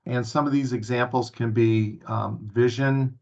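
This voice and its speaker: A man's voice: medium pitch, fairly even intonation, unhurried, gravelly, darkish tone. A man giving a staff training presentation at a town hall meeting, earnest and full of filler sounds and restarts. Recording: muffled lo-fi recording.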